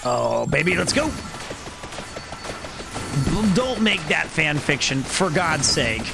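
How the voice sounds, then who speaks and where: A fairly high-pitched man talks through his gameplay in a loose, joking, rambling way. Clear game music plays under his voice the whole time. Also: sing-song, slow pace. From Kansas City, US. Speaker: streamer. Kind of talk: casual gameplay commentary.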